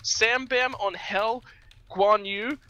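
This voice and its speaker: A man casting an esports match, talking fast and animated about team fights and shouting at big plays. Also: high-pitched, clean tone, poor audio. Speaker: esports caster. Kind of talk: excited esports commentary.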